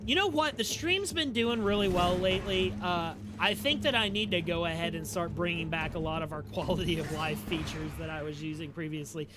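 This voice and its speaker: A man's voice: a little high, brisk, hardly any pauses, over music. A young man with a Southern US drawl casually chatting and joking while streaming a game, talking back to chat. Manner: slurred drawl.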